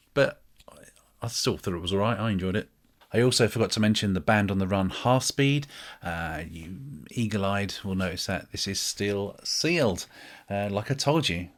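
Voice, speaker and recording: Rambling British man, lowish voice. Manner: rambling, self-mocking, many ums. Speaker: music vlogger. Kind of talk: casual chat to camera.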